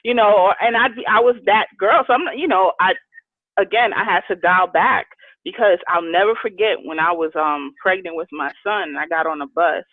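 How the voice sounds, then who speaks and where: A woman's voice: medium pitch, brisk, no echo. A woman guest telling a personal story in a candid, heartfelt way over a call. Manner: heartfelt, emotional. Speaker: guest author. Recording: tinny phone line.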